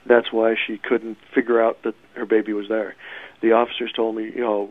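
A man's voice: lowish voice, level tone. Man telling his story over a phone line. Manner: halting, with frequent fillers and restarts. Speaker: interviewee recounting an event. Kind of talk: personal account. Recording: tinny phone-line sound.

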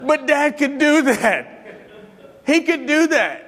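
A man telling stories about his late father, animated, acting out voices and laughing often. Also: very high voice, slow. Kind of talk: storytelling talk to an audience. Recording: long hall reverb.

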